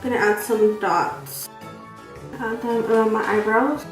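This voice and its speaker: This get-ready-with-me vlog features a woman in her twenties doing her makeup and chatting casually, rambling and making fun of herself. She speaks unhurriedly in a steady, slightly high voice. Faint music sits behind her, and the distant mic catches lots of room echo.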